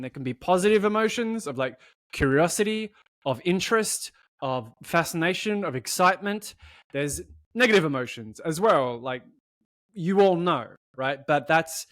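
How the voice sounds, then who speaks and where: A podcast co-host with a slightly high voice, talking casually and animatedly, swearing freely and slipping into little acted-out voices. The sound is dry and close to the mic, with no room echo. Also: male voice. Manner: animated, swearing, acts out voices mid-story. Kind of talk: casual conversation.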